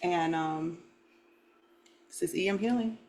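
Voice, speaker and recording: Gentle low-voiced woman host. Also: a little hiss or hum. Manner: gentle, unhurried, spiritual phrasing. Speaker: podcast host. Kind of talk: podcast opening and host talk.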